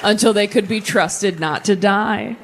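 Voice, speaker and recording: A young woman performs stand-up on a club stage into a handheld mic. Her delivery is animated, and she pops into high, exaggerated voices for the people in her stories. A faint hiss of noise sits under the recording. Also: measured pace, a crowd in the background. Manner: animated, jumps into high-pitched character voices. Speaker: stand-up comedian. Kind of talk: stand-up set. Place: comedy club stage with audience laughter.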